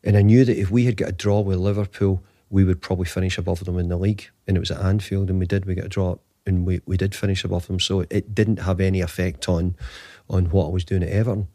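A man in his fifties, a football manager being interviewed, who tells his story in a halting way, often repeating words and restarting. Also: sits low, level tone, dark tone, dry recording, clean studio sound. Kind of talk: conversational storytelling.

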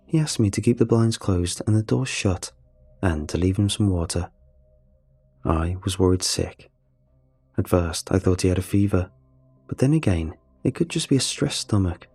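Gravelly low male storyteller. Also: expressive, normal speed, no echo. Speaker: narrator. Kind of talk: scripted story narration. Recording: soft music under the voice.

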